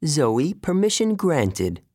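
A stern, commanding young goddess of the hunt, as a man reads her, pitched clearly above his own voice in a storybook reading. She speaks slowly and gravely, with lively rises and falls, and the recording is dry and close. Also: no room sound, exaggerated voice.

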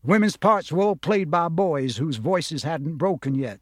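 A man's voice: fairly high pitch, a little slow, no echo, studio quality. A man narrating a novel aloud, shifting his voice up for the characters he quotes. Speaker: audiobook narrator.

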